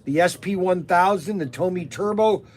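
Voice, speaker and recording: A man's voice: sits high, normal speed. A man co-hosting a livestream, reading an email aloud and explaining it in detail with dry teasing. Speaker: livestream co-host.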